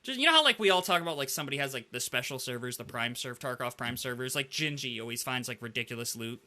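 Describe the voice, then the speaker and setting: A man hosting a casual gaming podcast, telling animated stories and filling his talk with "like". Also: medium pitch, quick pace. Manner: animated storyteller, heavy use of "like". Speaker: podcast host.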